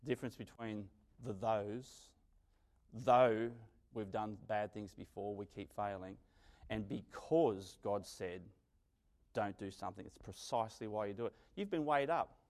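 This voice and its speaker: A man preaching a sermon, telling stories with dramatic swings from loud to quiet. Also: lowish voice, a little slow. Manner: animated storytelling, dramatic swings in loudness.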